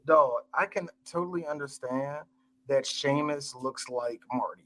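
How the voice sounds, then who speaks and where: A man co-hosting a podcast, chatting casually about a movie in animated, joking banter and repeating phrases for emphasis. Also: mid-range voice, a little slow. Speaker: podcast co-host.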